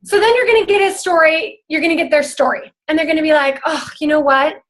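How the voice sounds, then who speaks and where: A woman's voice: very high voice, animated, fast talker, a bit bright. A woman coaching her team on a call, upbeat and chatty, acting out little conversations as she goes.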